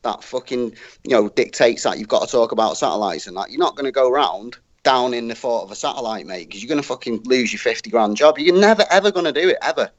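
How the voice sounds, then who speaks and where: A man's voice: mid-range voice, fast talker, few pauses, dry recording. A man with a Northern English accent, talking bluntly in heated casual chat, swearing and saying "mate" constantly. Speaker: guest debater. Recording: dull lo-fi dry audio.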